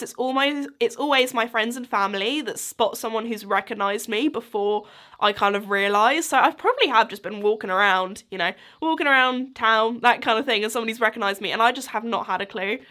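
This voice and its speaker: A young woman in her twenties hosts her own podcast, talking in a loose, rambling way and filling gaps with likes and ums. Her voice sits a little high and sounds bright and forward. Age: 20s. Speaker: podcast host. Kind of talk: casual solo chat.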